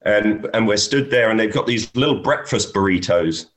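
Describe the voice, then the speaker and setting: A man's voice: on the low side, normal speed. A man, a golf caddy, telling anecdotes in a casual chat and often laughing as he talks.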